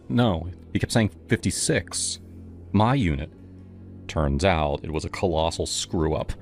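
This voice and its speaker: A man's voice: low voice, animated, a little slow, soft background music. A man reading a scripted first-person horror story in a dramatic, tense way.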